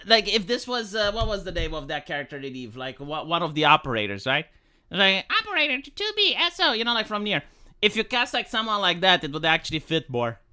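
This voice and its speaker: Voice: medium pitch, pushed and bright, smooth. A streamer giving exasperated live commentary over gameplay, ranting and stumbling over words.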